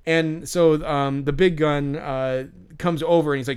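A man's voice: fairly high pitch, steady tone, unhurried, a little mellow, clear, resonant tone. A man co-hosting a podcast, telling a story in a rambling casual way with lots of fillers and restarts. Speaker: podcast co-host.

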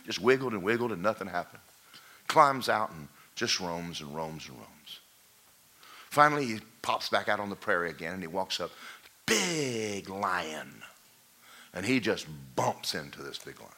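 A pastor in the middle of a sermon tells a jungle parable with lots of animation. His voice is lowish and carries a bright, forceful edge. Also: very animated, a little slow. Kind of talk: sermon storytelling.

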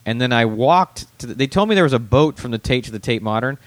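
A man's voice: medium pitch, lively intonation, quick pace, no room sound. A young adult man on a podcast, rambling through an anecdote with swearing and acted-out quotes. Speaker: podcast co-host and comedian. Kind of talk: casual chat, storytelling.

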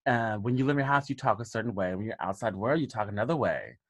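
A man's voice: lowish voice, very animated, fast talker, no echo. A man from Alabama with a light Southern accent, a podcast guest talking in a reflective, casual way with frequent restarts. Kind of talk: casual conversation.

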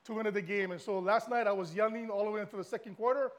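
A man's voice: high voice, fairly even intonation, quick pace. A middle-aged man from Hawaii with a Hawaiian accent, a guest pastor giving a casual, chatty sermon to the congregation.

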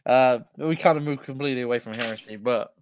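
A man hosting a podcast, laughing along with relaxed, easygoing remarks and signing off the show. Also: medium pitch, quick pace, noisy background. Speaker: podcast host. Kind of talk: casual chat, signing off the show.

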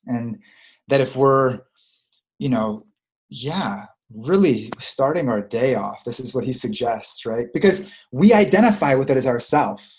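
Earnest male coach for a reflective spiritual talk, mid-pitched, working through his thoughts aloud. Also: animated, unhurried. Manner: earnest, searching, repeats phrases.

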